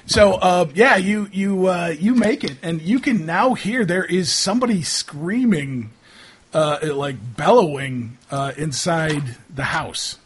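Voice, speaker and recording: A man narrating as game master for a tabletop game, halting with many fillers. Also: high voice, slight background noise.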